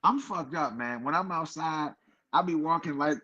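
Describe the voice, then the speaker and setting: Man from cleveland riffing crude stories, voices for the people he quotes, bit high, muffled lo-fi sound. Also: normal speed, slightly rough. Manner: animated storyteller, profane, acts out quoted people. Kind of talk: casual chat. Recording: dull lo-fi sound.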